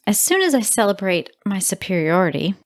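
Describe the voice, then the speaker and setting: Woman podcast co-host, animated, swooping intonation, casual banter. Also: medium pitch, fairly quick. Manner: animated, mock-indignant. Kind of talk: casual chat. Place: small studio.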